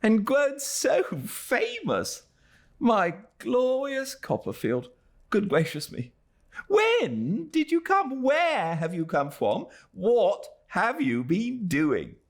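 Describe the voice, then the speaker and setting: A man voicing an excitable young male lawyer who gushes with joy in high exclamations. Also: slow, full character voice. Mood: overjoyed.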